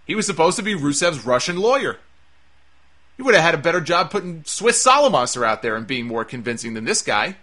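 Sarcastic man ranting with a bright voice. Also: a little high, big pitch swings, fairly quick. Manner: sarcastic and exasperated, swears freely. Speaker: wrestling show reviewer. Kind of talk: casual ranting review.

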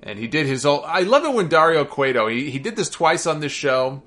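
A man's voice: on the high side, lively intonation, brisk, a bit bright. A man hosting a wrestling podcast, recapping matches and reading listener mail in a chatty way with fillers and asides. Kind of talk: casual recap and mailbag.

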